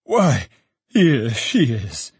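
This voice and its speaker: Excited old father, voiced by a man, fond, bubbly, husky, dry. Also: mid-range voice, takes it slowly, no echo. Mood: overjoyed. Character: older man, overjoyed excitable father, a porter. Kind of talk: audiobook character reading.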